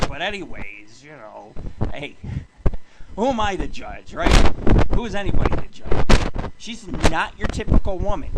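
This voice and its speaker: Man, radio host, high voice, crude mocking rant, loud noise behind. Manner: profane, rambling, mocking. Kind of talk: crude comedic rant reading a personal ad.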